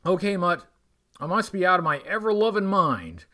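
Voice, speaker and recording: A man reading aloud as a brisk, commanding male soldier hero. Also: high-pitched, very animated, bright, forceful tone, heavily acted. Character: gruff male soldier hero leading a rescue.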